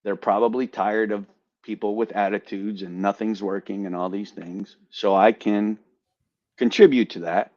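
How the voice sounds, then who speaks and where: Swearing freely, an animated veteran podcast host stumbles over repeated words as he tells a story at normal speed. His voice is of ordinary pitch, and the dry recording comes across slightly dull, lo-fi mic style.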